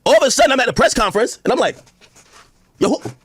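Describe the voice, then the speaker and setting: High-pitched, lively man ranting on a stream. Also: rapid-fire, husky, dry recording. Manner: profane, mocking, laughing. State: drunk. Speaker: livestreamer. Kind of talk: drunk rant on a livestream.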